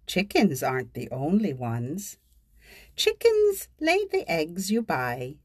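An older woman hosting a children's podcast, leading sing-song rhymes for babies with playful, exaggerated swoops between high and low. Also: darkish tone, dry recording, clean studio sound.

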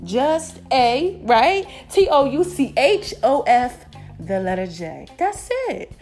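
A high-pitched woman from South Jersey hosts her own show in a loose, chatty monologue. She is playful and sassy, and she swoops up and down as she talks. Faint music plays behind her. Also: very animated, slow pace, darkish tone. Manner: playful, sassy, calls listeners "y'all" and "babies", refers to herself as Mama. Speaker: podcast host. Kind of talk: casual podcast monologue.

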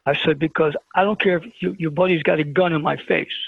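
Man, high for a man, heavy gravelly fry, phone-call storytelling, tinny dry line. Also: a little fast, no room sound. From Brooklyn, New York. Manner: animated storyteller who acts out the dialogue. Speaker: guest telling a personal story. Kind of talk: storytelling on a call-in radio show.

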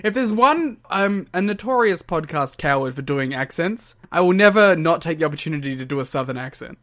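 A man's voice: on the high side, lively intonation, brisk, fairly bright tone. A man co-hosting a podcast, talking in a rambling casual way and laughing often. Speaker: podcast co-host. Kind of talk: casual chat.

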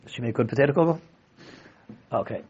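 A young man teaching a lively Torah class, animated, often restarting his sentences and acting out quotes. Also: medium pitch, quick pace, slight background noise. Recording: dull lo-fi classroom recording.

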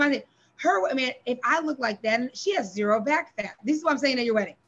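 A woman's voice: high-pitched, animated, quick pace, slight background noise. A woman co-hosting a podcast, talking candidly with a friend and acting out quoted lines with animation. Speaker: podcast co-host. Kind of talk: candid conversation between friends. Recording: dull, lo-fi sound.

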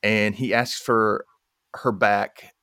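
A man's voice: on the low side, slow pace, clear, resonant tone, no echo, studio quality. A man casually recapping a film plot and acting out the characters' lines in a chatty way. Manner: animated, acts out the characters' lines. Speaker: podcast co-host.

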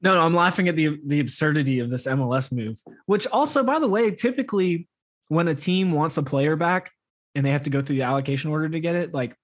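A man co-hosting a casual soccer podcast, talking in an emphatic, opinionated way. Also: on the high side. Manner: emphatic, opinionated, quick to laugh at the league. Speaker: podcast co-host.

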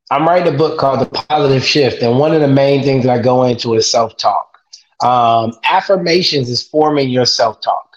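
Energetic man with an echoey, lo-fi sound. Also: mid-range voice. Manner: energetic and repetitive, like a motivational speaker. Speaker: podcast guest, father of two daughters. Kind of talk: casual podcast interview.

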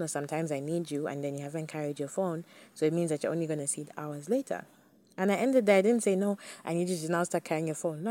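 With a low, warm voice, a young podcast host chats candidly with her listeners in a relaxed solo episode.

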